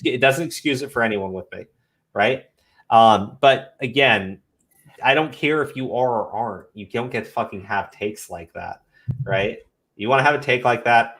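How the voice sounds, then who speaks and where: A man's voice: medium pitch, a bit bright. A man ranting casually as host of a commentary stream, profane and scornful, often repeating himself.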